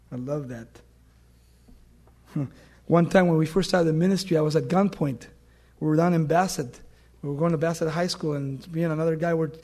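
High-pitched emphatic male preacher. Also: creaky. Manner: swings from loud emphatic bursts to soft hushed tones; storytelling with anecdotes, fillers and restarts. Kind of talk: sermon.

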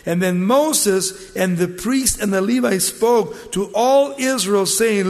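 A man preaching a sermon, telling the story dramatically and moving between loud and hushed delivery. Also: sits high, slow pace, hardly any pauses. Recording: long hall reverb.

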